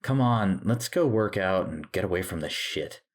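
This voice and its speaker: A man voicing a gruff teenage boy. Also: sits low, expressive, moderate pace.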